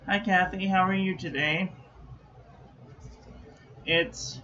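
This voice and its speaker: A man's voice: high-pitched, fairly even intonation, slow, pauses often, sharp tone, dull audio, a little hiss or hum. A man hosting a casual product review vlog from his own room at home, chatty and reading product details aloud in clipped lists. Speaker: host.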